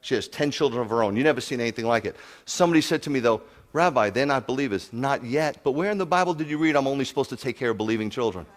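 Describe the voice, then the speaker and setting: A man preaching to his congregation, animated, telling stories and asking the crowd questions. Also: medium pitch, rapid-fire, few pauses. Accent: New York. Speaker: pastor. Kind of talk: sermon to a congregation.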